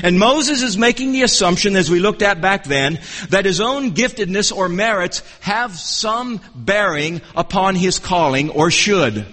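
A man preaching an expository sermon in an earnest, measured teaching manner, often restarting his phrases. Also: high voice, animated, pushed and bright. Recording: long reverb of a hall.

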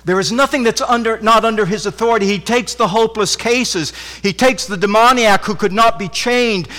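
A man preaching a sermon to a congregation, fervent, repeating phrases with stammered restarts and swinging from loud emphasis to hushed intensity. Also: high-pitched. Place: church with congregation. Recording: long hall reverb.

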